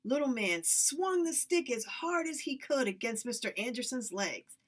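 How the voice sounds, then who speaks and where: A woman reading a story aloud with expressive, lively narration. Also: fairly high pitch, normal speed, breathy edge. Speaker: reader.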